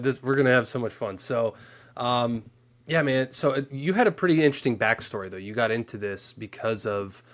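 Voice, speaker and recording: A man hosting a podcast in a loose, energetic way, with lots of fillers and restarts. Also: mid-range voice. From Pennsylvania. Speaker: podcast host. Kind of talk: casual podcast chat.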